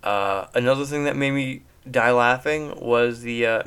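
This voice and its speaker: Young man for a casual, rambling movie recap that gets animated at the funny bits. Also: medium pitch, moderate pace, few pauses, clear, resonant tone. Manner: rambling, animated, laughs at jokes.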